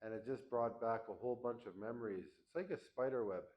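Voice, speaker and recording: A man's voice: mid-range voice, fairly quick, muffled recording. A middle-aged man from Canada, plain-spoken and candid, telling a personal story to an audience. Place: event hall.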